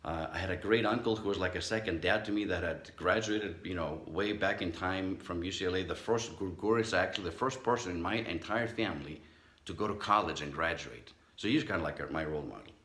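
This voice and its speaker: A man's voice: low voice, brisk, fairly bright tone, roomy sound. A middle-aged man, a psychologist, giving a motivational talk and telling a personal story, acting out the voices he quotes. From Southern California. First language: not English.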